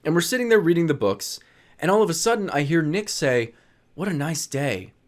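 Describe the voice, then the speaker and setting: A young man casually telling funny stories from his high school days, acting out what his friends said and laughing as he goes. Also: fairly quick. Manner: animated, laughs while telling, acts out friends' lines. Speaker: storyteller vlogger. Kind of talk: casual storytelling.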